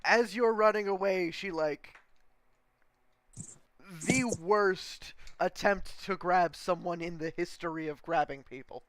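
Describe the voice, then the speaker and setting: High, bright-voiced man running a game. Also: slow, clear, resonant tone, no echo. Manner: easygoing, laughs at his own slips. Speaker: game master. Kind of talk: narrating a tabletop game.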